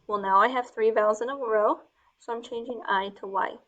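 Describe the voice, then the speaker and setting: A woman teaching Spanish verb forms step by step while writing them out, talking through each change slowly and sometimes dropping to a soft murmur as she writes. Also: fairly high pitch, steady tone, muffled recording. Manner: slow, step-by-step explaining. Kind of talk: explaining grammar while writing.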